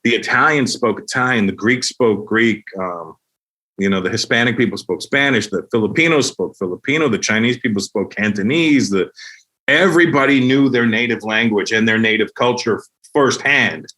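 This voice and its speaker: A middle-aged man from Canada, a comedian guest on a podcast, telling stories in a lively way and acting out other people's voices. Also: fairly low pitch, normal speed. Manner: animated storyteller who acts out voices with lots of profanity. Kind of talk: casual podcast conversation.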